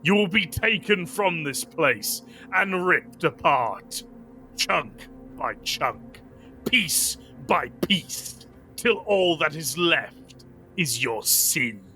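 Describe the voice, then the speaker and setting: A stern male Inquisitor, as a game master puts him on, booms out his judgment in slow, weighty words. His bright, pushed voice climbs above the narrator's usual register and rings loud. It is a grim tabletop-game pronouncement, delivered as a formal sentence. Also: animated, soft background music, full character voice. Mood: condemning. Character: booming stern male Lord Inquisitor judge.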